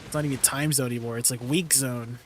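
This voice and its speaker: Easygoing guy streamer talking to chat, mid pitch, laughs a lot. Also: steady tone, quick pace, slight background noise. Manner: laid-back, chatty, laughs often. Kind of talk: casual livestream chat with viewers.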